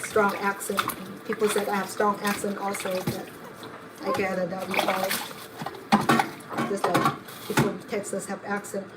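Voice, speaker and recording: A woman's voice: medium pitch, monotone, measured pace, long pauses. A middle-aged woman hosting a cooking vlog, telling rambling, digressive stories as she cooks at home. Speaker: home cook and channel host. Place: home kitchen. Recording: kitchen with running water noise.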